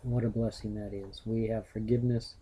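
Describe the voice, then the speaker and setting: A middle-aged man teaching a grammar lesson, slowly and methodically parsing each word. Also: on the low side, level tone, dark tone, slight background noise, low-quality recording. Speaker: Greek teacher.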